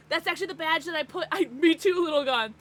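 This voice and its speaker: An American woman livestreaming, chatting casually with her viewers in an excitable, bubbly way. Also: very high voice, normal speed. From United States. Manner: excitable, bubbly, gasps and laughs often.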